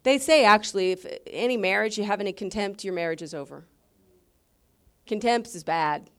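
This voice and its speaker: A woman's voice: mid-range voice, moderate pace, fairly bright tone. A woman teaching a Bible lesson in a passionate, emphatic sermon style, full of rhetorical questions.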